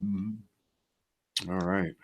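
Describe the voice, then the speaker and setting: A man's voice: low voice, little pitch movement, very slow. A sleepy, laid-back man in casual online chat, laughing often. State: sleepy, yawning. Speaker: online show host.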